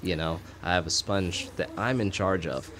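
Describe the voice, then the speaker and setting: A man's voice: low voice, normal speed, a crowd in the background. A man talking as a guest on an online talk radio show, earnest and rambling, laughing easily. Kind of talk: casual interview talk.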